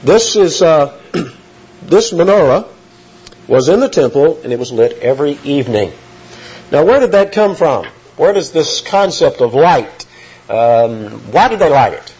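A man's voice: on the high side, big pitch swings, unhurried, darkish tone, breathy edge. A man preaching an expository sermon in an earnest teaching tone, rising in emphasis on key phrases. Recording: dull lo-fi recording.

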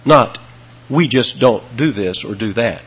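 A man preaching an expository sermon, emphatic, with dramatic swings in pitch and loudness, on a dull lo-fi recording. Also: lively intonation, unhurried, breathy edge.

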